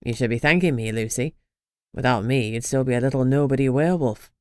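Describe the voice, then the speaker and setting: A woman's voice: rumbling low, brisk, darkish tone, no room sound, studio quality, voice pushed down. A woman voicing a smug, scheming man who talks down to others in a mocking way. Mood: condescending. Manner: mocking, condescending.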